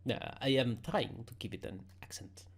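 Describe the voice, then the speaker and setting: A tabletop game master narrating the scene. He pauses and restarts his phrases. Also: medium pitch, animated, creaky, husky.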